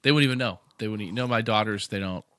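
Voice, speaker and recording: Bright-voiced joking man, podcast co-host. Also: lowish voice, quick pace. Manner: joking, irreverent, laughs often. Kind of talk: casual podcast chat.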